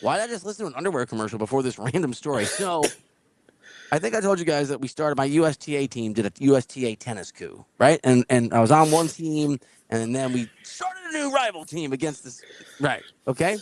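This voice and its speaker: Animated man telling stories. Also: medium pitch, brisk, no room sound. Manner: animated, laughing storyteller who acts out quotes. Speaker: podcast host. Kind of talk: casual storytelling chat.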